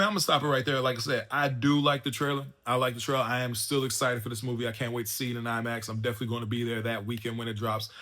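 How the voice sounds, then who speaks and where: A man's voice: medium pitch, pushed and bright. A man hosting a casual spoken movie review, talking loosely with lots of fillers and restarts. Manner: loose and chatty, full of fillers and restarts like "man" and "you know what I'm saying". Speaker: movie reviewer and channel host.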